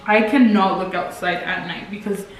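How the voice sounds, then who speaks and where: A woman's voice: mid-range voice, steady tone, normal speed. A young woman co-hosting a vlog, telling stories casually and rambling with lots of fillers. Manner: rambling, filler-heavy, 'like' often. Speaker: vlog co-host. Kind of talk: casual storytelling chat. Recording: echoey room, mic at a distance, faint music.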